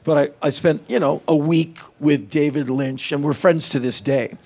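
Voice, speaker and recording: A man speaking on a film panel, telling stories in an animated, casual way. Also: a little high, moderate pace, husky. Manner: animated, acts out quotes. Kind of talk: casual storytelling.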